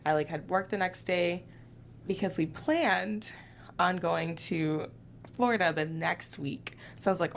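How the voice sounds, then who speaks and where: A woman's voice: lowish voice, measured pace, gravelly, a little hiss or hum. A woman guest on a dating show talking casually, rambling with lots of fillers. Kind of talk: casual chat.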